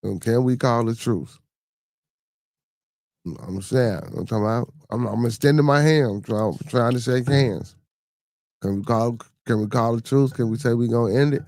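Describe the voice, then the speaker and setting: A man hosts a laid-back podcast live stream, reading the chat aloud and answering viewers in loose slang. His voice sits in the mid range with a darkish tone, moving at a normal speed, and there's no room sound.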